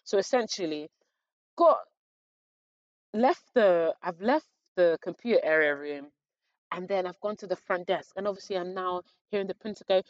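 Young girl doing a storytime vlog, lively slangy telling, dull dry sound. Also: lowish voice, normal speed, dry recording. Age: young adult. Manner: animated, acts out her own thoughts and others' lines with slangy asides. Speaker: vlogger telling her story. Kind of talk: casual storytime.

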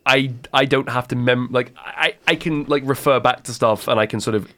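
A man's voice: mid-range voice, pushed and bright. A young man co-hosting a student radio show, joking and tripping over his restarts. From England. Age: young adult. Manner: quick, joking, stumbling restarts. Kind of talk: casual radio chat.

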